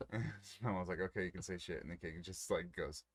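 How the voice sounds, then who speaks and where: A man's voice: deep voice, a little fast. A man rambling in a laid-back, profane way during a casual podcast chat while smoking. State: smoking cannabis. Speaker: podcast co-host.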